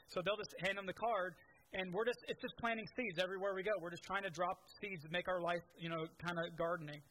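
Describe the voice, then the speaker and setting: A man's voice: sits high, steady tone, fast, a bit bright, slight background noise, poor audio. A man preaching a sermon, telling stories in a conversational way with many restarts. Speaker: pastor.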